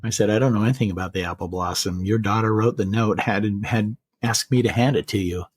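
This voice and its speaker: A man hosting a podcast, retelling a personal story in casual chat, measured and full of quoted dialogue. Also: lowish voice, husky, dry recording.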